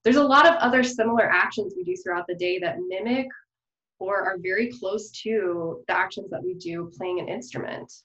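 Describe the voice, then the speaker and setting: A woman's voice: medium pitch, a little fast, a bit bright. A woman hosting a podcast who also teaches music, chatty and enthusiastic as she talks with her guest. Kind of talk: podcast interview. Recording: roomy, dull podcast audio.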